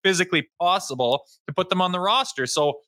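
A man co-hosting a sports podcast, talking in a heated, animated way and mocking critics in put-on voices. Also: high-pitched, fast, no room sound. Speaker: co-host.

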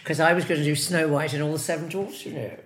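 A man's voice: fairly high pitch, steady tone, quick pace, a bit bright. A man in his seventies, a former ballet dancer, rambling on in a casual interview with wry, self-mocking humour. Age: 70s. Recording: roomy echo.

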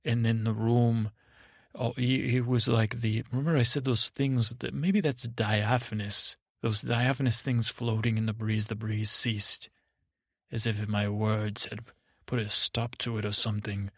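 A man hosting a podcast, telling a meandering bedtime story in a halting, self-correcting way. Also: fairly low pitch, level tone, a bit bright, no echo, clean studio sound.

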